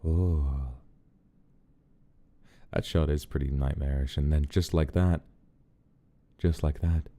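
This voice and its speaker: A man's voice: a bass voice, steady tone, moderate pace, mellow. A man hosting a stream, chatting and musing over a film as he watches it. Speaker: streamer host. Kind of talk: casual film watch-along commentary.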